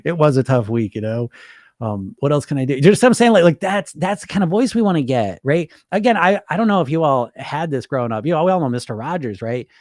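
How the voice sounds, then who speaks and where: A man's voice: fairly high pitch, sing-song, fast talker, few pauses, darkish tone, no room sound, clean studio sound. A man hosting a podcast as a weight loss coach, talking in a conversational way, laughing often and acting out little voices. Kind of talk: casual talk.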